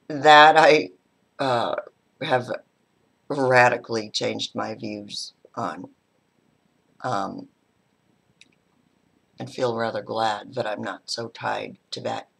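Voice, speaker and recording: A middle-aged woman, a spiritual teacher, talking about her own experience in a halting, heartfelt way and now and then dropping to a whisper. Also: extremely low pitch, gravelly, a bit bright, slightly rough. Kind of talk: personal reflective talk.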